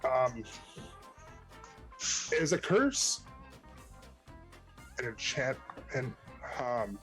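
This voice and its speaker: A man playing a tabletop game, talking quickly and excitably and laughing often. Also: mid-range voice, faint music behind, low-quality recording. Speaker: player.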